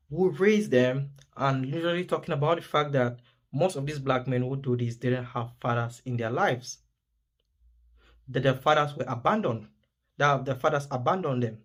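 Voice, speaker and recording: A man delivers indignant, emphatic commentary, building his points one after another. His voice is mid-pitched for a man.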